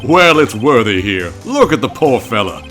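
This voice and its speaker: A hearty middle-aged police chief with a broad southern drawl, as a man puts him on for a game playthrough. He booms out his words with a bright, forceful ring, and his pitch rolls up and down with easy, overfamiliar charm. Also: very animated, normal speed, faint music behind. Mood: smooth. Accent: American Southern (put on). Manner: folksy, booming, hands out nicknames.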